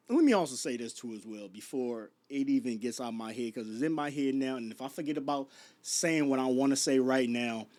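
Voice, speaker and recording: A man, ranting late at night to his viewers, stumbling over restarts and firing off rhetorical questions. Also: medium pitch. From Chicago. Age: 30s. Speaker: vlogger. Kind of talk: late-night rant to camera.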